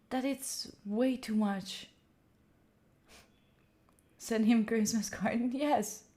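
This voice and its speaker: Young woman from Italy, study stream host, emotional and grateful, voice a touch high. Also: fairly even intonation, drawn-out words, long pauses, warm tone. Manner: emotional, thanking viewers, swearing, near tears. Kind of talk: casual livestream chat.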